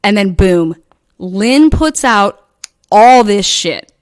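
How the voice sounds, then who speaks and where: A woman casually recounting online drama in a rambling, profane way, acting out quoted lines in animated bursts. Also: mid-range voice, slow, no room sound, clean studio sound. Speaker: online commentator.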